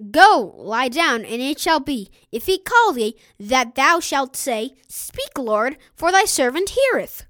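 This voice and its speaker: A gentle, fatherly old priest with dim eyes, speaking slow and solemn scripture words, as a woman reads him aloud in a storybook manner. The voice sits high and swings widely in pitch, and it sounds close and dry. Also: big pitch swings, no room sound, heavily acted. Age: older.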